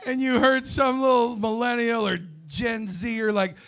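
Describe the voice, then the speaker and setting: A man in his forties doing a stand-up comedy set, brash and loud with crude storytelling. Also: extremely high pitch, normal speed, few pauses, clean tone, some chatter behind. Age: 40s.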